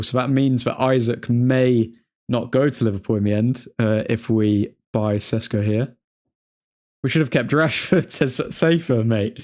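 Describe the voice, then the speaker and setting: A man's voice: medium pitch, a little mellow. A young man hosting a casual live stream, reading out updates and chatting with viewers, humming to himself while he scrolls. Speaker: livestream host reading transfer news.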